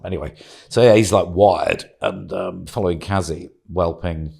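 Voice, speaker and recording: A man's voice: deep voice, moderate pace, vocal fry, darkish tone. A man telling a casual anecdote as a podcast guest, chatty, laughing often and acting out what others said.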